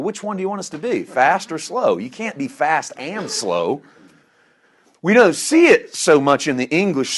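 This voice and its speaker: A middle-aged male pastor delivering a sermon with a somewhat high voice. He swings from loud, emphatic declarations to soft, confiding asides. He laughs at himself now and then as he preaches.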